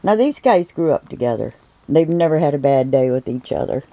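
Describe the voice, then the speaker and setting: A pet keeper vlogger films with a handheld camera at home at night, cooing at and scolding her pets in a sing-song voice before turning to talk to her viewers. Her voice is bass, animated and warm, and she speaks fairly quickly on poor-quality audio.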